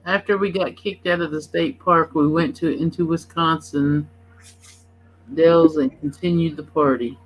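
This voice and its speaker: A playful speaker, egging friends on in a relaxed group chat. Their voice sits at an everyday middle pitch. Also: a little slow, slight background noise, poor audio. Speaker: podcast regular. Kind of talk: casual chat.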